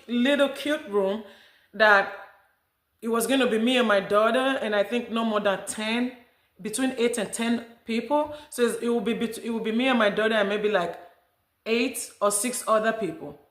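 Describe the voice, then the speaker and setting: A woman's voice: on the high side, reverberant. A middle-aged woman from Nigeria with a Nigerian accent, chatting casually and animatedly to her viewers about her travels. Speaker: vlogger.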